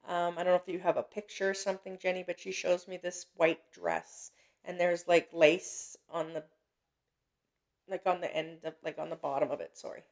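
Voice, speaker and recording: A woman giving a live psychic reading in a gentle, reassuring way. Her voice is gravelly with a fry and stays fairly flat in pitch. She talks haltingly, with frequent fillers and restarts. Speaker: psychic medium host. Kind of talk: live-stream reading, casual chat.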